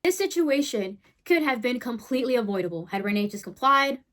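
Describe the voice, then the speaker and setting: A woman hosts a commentary video in a blunt, heated way, pressing each point with a quick "right?" or "okay?". Her voice sits a little higher than most women's. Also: animated, a bit bright. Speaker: host.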